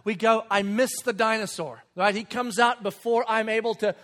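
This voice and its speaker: A man, telling a lively story about his children and acting out voices with loud bursts. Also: sits high, normal speed. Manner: animated, acts out kids and himself with loud bursts. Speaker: father and speaker. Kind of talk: storytelling talk.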